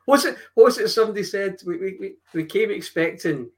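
A man's voice: high voice, animated, fast. A man on a fan podcast panel who rambles, repeats himself and swears. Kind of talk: casual fan podcast chat.

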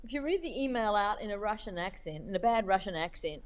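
A woman talking about her work as a cartoonist in an interview, with a voice of middling pitch. She thinks aloud as she goes, full of restarts, "um"s and small pauses. She breaks into a laugh now and then when she tells a story. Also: expressive, heavy background noise. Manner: hesitant, many restarts and fillers, laughs while telling stories. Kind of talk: thoughtful interview conversation.

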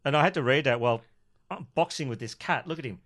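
A man's voice: mid-range voice, fast talker, fairly bright tone, no echo. A man co-hosting a podcast remotely, trading dry, sweary jokes in casual banter. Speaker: podcast co-host. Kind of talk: casual chat.

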